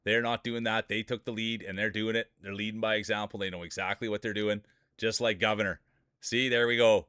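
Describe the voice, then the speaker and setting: Low-voiced man hyping live marble races. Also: steady tone, brisk, sharp tone, smooth, dry recording, clean studio sound. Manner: chatty, rambling, bursts into laughter; hype-building, calls out viewers by name. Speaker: streamer and race commentator.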